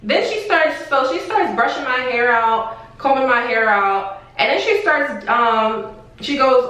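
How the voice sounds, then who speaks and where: A young woman tells a story in a casual vlog. She speaks in an animated, exasperated way, with slang and the odd curse word. Her voice sits a little high, and the sound bounces around a very echoey room. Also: measured pace. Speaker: vlogger. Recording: echoey room, far from the mic.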